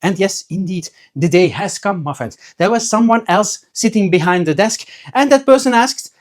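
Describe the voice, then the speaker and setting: A man's voice: sits high, lively intonation, moderate pace, hardly any pauses. A man who sells trading cards, talking casually to his viewers in a chatty, storytelling way, often restarting his sentences. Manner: chatty storyteller, acts out quoted voices, frequent restarts. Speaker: trading card seller and video host. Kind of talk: casual talk to camera.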